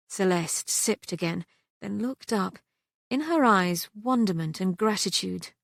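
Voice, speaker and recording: A woman narrating a historical romance audiobook in a gentle, even storytelling manner. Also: medium pitch, unhurried, creaky, dry recording, studio quality. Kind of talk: scripted narration.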